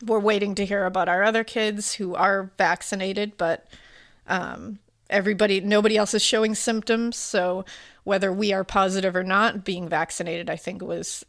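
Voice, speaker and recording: A woman's voice: mid-range voice, fairly even intonation, moderate pace, a bit bright. A woman in her forties co-hosting a podcast, talking in an emotional, rambling way with many fillers and restarts. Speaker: podcast co-host. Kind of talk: casual podcast chat.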